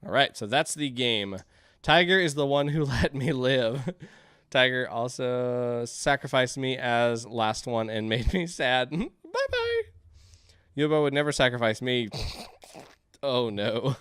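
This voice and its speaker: A man's voice: medium pitch, a little slow, fairly bright tone, clean tone. A man streams a game live, talking casually with his chat and reading each prompt aloud as he goes. His voice sits in the middle of the range and sounds close and dry, with no room echo around it. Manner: chatty, reads game text aloud, jokes with chat. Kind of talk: casual game commentary and reading on-screen text.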